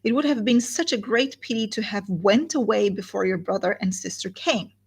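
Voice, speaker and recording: A falsely sweet young woman gushing with over-eager emphasis, as a woman reads her lines. The voice has a slightly husky, breathy edge, at a middling pitch. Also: moderate pace, darkish tone.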